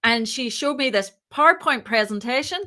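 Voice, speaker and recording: A woman, a startup founder, telling her story as a podcast guest, lively and acting out the voices in her anecdotes. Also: fairly high pitch, normal speed. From moved to Ireland. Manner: lively, acts out quoted dialogue. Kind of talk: casual interview storytelling.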